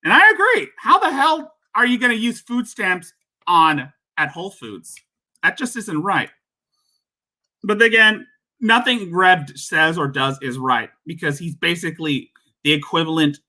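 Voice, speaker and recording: Animated, bright-voiced ranting male host. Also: sits high, measured pace. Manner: mocking, ranting. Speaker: livestream host. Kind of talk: casual commentary on a clip.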